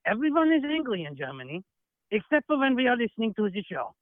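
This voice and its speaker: A man's voice: very high-pitched, very animated, fast, dry recording, pitched above the performer's own voice. A man voicing an exaggerated, snooty caricature of a Frenchman and a German over a tinny phone line. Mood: mocking. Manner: exaggerated comic foreign-accent caricature.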